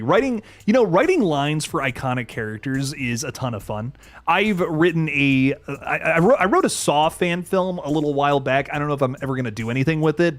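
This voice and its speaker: A young man's medium-pitched, slightly bright voice carries his casual horror livestream chat. He's relaxed, swears a lot, and often starts over, with faint music beneath.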